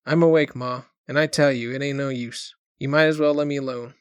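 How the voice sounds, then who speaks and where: A man doing a quiet, passionless sickly boy. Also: medium pitch, steady tone, brisk, clean tone, no echo, natural voice. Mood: calm detached. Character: sickly teenage boy, calm and detached.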